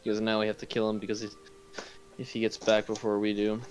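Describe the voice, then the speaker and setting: A man's voice: lowish voice, completely flat delivery, fast, noisy background. A man playing a tabletop game, talking casually and filling his requests with "like". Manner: casual, lots of "like". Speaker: player.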